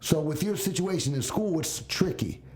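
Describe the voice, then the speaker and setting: A man's voice: on the high side, animated, moderate pace, a little mellow. A middle-aged man hosting a casual podcast, telling earnest personal stories and checking in with "you know what I mean". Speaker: podcast host. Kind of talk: casual mentoring chat.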